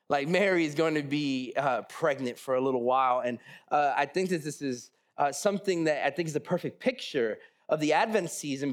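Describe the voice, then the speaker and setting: A man in his thirties preaching a casual, joking sermon, full of restarts and asides to the congregation. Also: a little high. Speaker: pastor.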